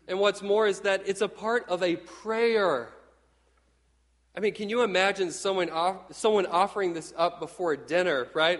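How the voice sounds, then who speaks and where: A middle-aged man from Texas preaching a sermon in a lively, conversational way, often acting out quotes. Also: sits high, moderate pace, in a large hall. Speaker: pastor.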